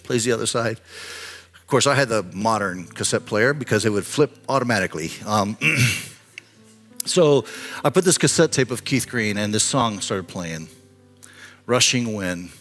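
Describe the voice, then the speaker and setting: A man in his sixties, a pastor preaching a sermon in a church, telling a personal story earnestly and swinging from impassioned to hushed. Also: medium pitch, normal speed, faint music behind. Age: 60s. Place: church sanctuary.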